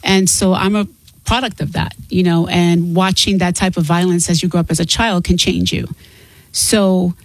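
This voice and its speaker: A woman's voice: on the low side, no echo, poor audio. Earnest middle-aged woman, candid guest. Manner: candid, earnest, laughs easily. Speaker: guest author and singer. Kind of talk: casual interview talk.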